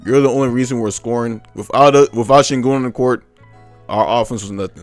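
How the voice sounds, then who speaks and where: A man's voice: medium pitch, fairly even intonation, fairly quick, faint music behind. Blunt, exasperated young man ranting. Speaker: sports fan commentator. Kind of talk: casual ranting commentary.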